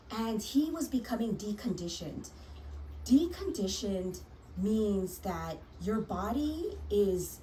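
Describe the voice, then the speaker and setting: A woman's voice: mid-range voice, a little mellow, distant mic, a little hiss or hum, poor audio. Heated, swearing woman telling a story. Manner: frank and heated, swears often, many restarts. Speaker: nurse sharing a personal story. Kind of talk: candid personal storytelling.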